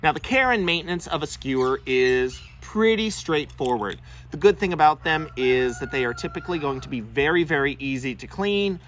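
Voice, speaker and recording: A man's voice: on the high side, animated, moderate pace, few pauses, a bit bright, slight background noise. A young man hosting an instructional vlog on parrot keeping, explaining earnestly with frequent "uh" fillers. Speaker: bird-keeping video host.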